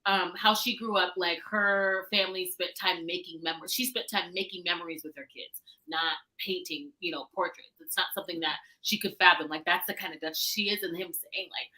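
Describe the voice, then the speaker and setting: A woman co-hosting a casual book discussion, animated and acting out characters' lines. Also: fairly low pitch, a little fast, few pauses, rough recording. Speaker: book club co-host.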